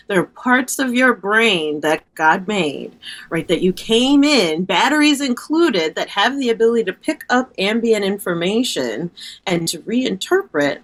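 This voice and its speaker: A woman guest on a podcast, calmly and confidently explaining her ideas. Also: medium pitch. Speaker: podcast guest, reiki practitioner. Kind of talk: explanatory interview talk.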